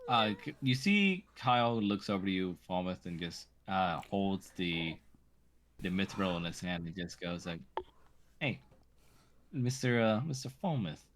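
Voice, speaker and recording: A man's voice: sits low, expressive, normal speed, fairly bright tone, slight background noise. A man narrating a tabletop game as game master, laid-back and full of fillers.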